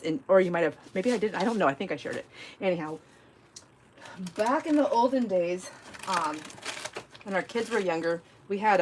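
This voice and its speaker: With slight background noise behind her, a middle-aged woman with a lowish voice chats casually on her live home crafting stream. She rambles through a story, giggling and using lots of fillers.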